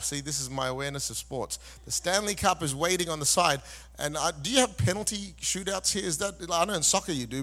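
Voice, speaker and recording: A man's voice: high voice, a bit bright. A man preaching a sermon to a congregation, reading scripture and breaking into chatty asides, calling on listeners to answer back. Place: large church hall before a congregation. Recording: long reverb in a large hall.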